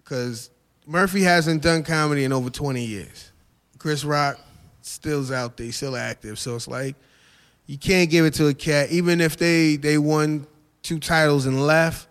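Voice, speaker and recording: Chill comedian guy chatting on a podcast, kinda high voice, slangy, says stuff twice. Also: a little slow, clear, resonant tone. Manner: laid-back, repeats phrases, slangy. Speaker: stand-up comedian and show host. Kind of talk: casual podcast interview.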